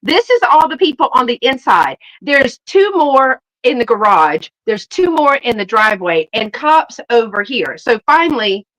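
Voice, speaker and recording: Woman host, middle-aged, bright and higher-pitched, animated storyteller who acts out every quote. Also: normal speed, hardly any pauses, rough recording. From Southern United States. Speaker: live sale host. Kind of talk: casual storytelling chat.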